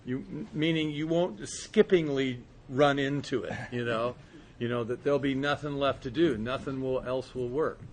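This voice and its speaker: A man giving a personal recovery testimony to a group, earnest and storytelling, slowing and softening at quiet moments. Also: medium pitch, fairly even intonation, a little hiss or hum. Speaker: speaker sharing his recovery story.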